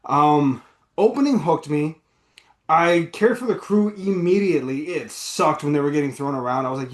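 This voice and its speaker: A man's voice: a little high, animated, normal speed, reverberant. A man co-hosting a movie review podcast, talking in a loose, rambling, profane way. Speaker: podcast co-host. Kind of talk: casual movie review chat.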